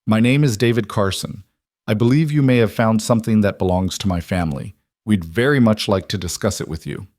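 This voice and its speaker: A man voicing a smooth, educated and coldly polite man who makes threats. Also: on the low side, brisk, darkish tone, dry recording, clean studio sound, close to an everyday voice. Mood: smooth menace. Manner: smooth and educated, turning hard.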